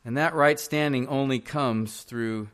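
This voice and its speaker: A man's voice: medium pitch, measured pace, fairly bright tone. A male pastor preaching a sermon in a church, earnestly pressing direct questions on the congregation.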